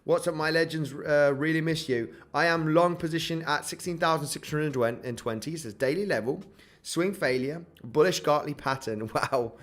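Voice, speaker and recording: A man's voice: on the high side, moderate pace, a bit bright. A man hosting a casual crypto trading livestream, upbeat and hyped, greeting chat viewers and filling with "you know" and "guys". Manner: upbeat, hypes the chart, greets chat viewers by name, says "guys" a lot; filler-heavy, many "you know" and restarts.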